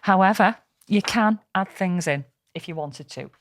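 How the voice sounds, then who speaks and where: A woman's voice: medium pitch, moderate pace, slight background noise. A woman co-hosting a podcast in frank, laughing casual chat. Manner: chatty, laughs often, frank. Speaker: podcast co-host.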